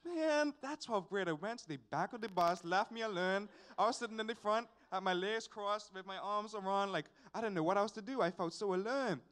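A young man shares a testimony at a worship service, his voice pitched high. He tells it in an animated, repetitive way, full of sighs and asides. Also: fairly quick, hardly any pauses, clean tone. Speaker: church member giving a testimony. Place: church service.

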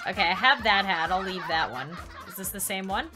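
A woman giving excitable let's play commentary, squealing and laughing often as she plays. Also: mid-range voice, brisk, music in the background. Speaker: gaming YouTuber.

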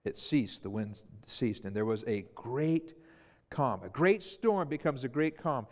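A man preaching a sermon as pastor, telling the story with lively emphasis and acting out the disciples' cries. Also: medium pitch, unhurried. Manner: animated storyteller, acts out the disciples' panic. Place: church sanctuary. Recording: church hall reverb.

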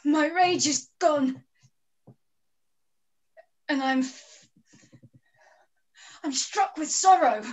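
This is a proud warrior general, full of sorrow over a fallen rival. The delivery is high and unhurried, set out as careful verse in a Shakespeare reading held over a video call. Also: female voice. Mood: solemn, sorrowful. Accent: British. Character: grieving male enemy general, proud warrior.

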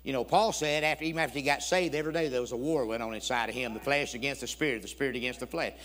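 A man's voice: mid-range voice, racing, a bit bright. A man preaching a storytelling sermon in a church, folksy and humorous, acting out both sides of a conversation. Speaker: guest preacher. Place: church sanctuary.

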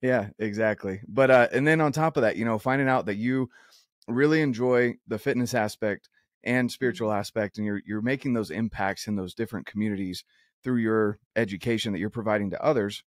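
A podcast host on an outdoors show chats casually in an interview, speaking earnestly but rambling with many restarts. His pitch is fairly low and his pace fairly quick. The audio is studio quality, with no room sound.

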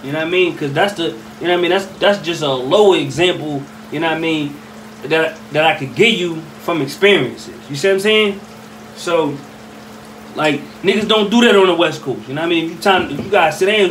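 A young Philadelphia man with a slightly high, bright voice tells a street story at a brisk clip. He rambles casually in street slang, constantly saying "you know what I mean," recorded on a somewhat distant mic with faint ambient noise.

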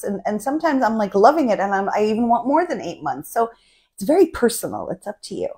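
A woman's voice: mid-range voice, big pitch swings, fairly quick, darkish tone. Enthusiastic woman spiritual coach. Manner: enthusiastic, repeats "right?" often. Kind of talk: casual spiritual talk.

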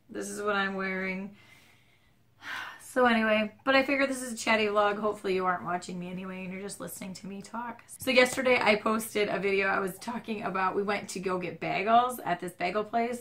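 A woman's voice: medium pitch, fairly quick, fairly bright tone. A Midwestern American woman vlogging from home, rambling and self-deprecating, her voice strained and stuffed up. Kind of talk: casual chatty vlog. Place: home at night, dim lighting. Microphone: camera mic, handheld shaky camera.

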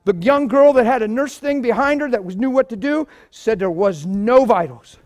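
Guy preaching with a high voice, telling stories, goes from quiet mumbling to yelling. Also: moderate pace. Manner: animated storytelling, swinging from low murmurs to shouting. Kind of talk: sermon with testimonies.

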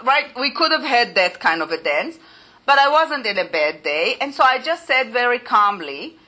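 A woman's voice: fairly high pitch, expressive, moderate pace, pushed and bright, poor audio. A middle-aged woman giving an informal lecture, explaining in a conversational way with acted-out examples.

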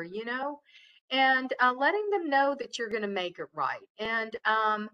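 A woman giving a casual training talk on customer service, chatty and loud, with many fillers and restarts. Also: on the high side, lively intonation, slow, smooth, rough recording. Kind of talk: casual webinar lecture.

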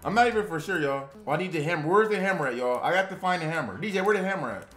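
A woman doing excited gameplay commentary as a family YouTuber playing a video game with her child. She talks loudly and jumpily, often yelling in fright and chatting to her viewers. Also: lowish voice, racing. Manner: jumpy and loud, shrieking and yelling when scared, chatting to viewers. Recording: roomy sound with game music behind.

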